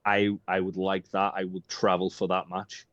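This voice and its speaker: A man's voice: deep voice, completely flat delivery, normal speed, fairly bright tone, no echo. A man co-hosting a casual podcast, rambling and joking with lots of swearing and filler ums. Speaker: podcast co-host. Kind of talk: casual chat. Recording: dull dry lo-fi sound.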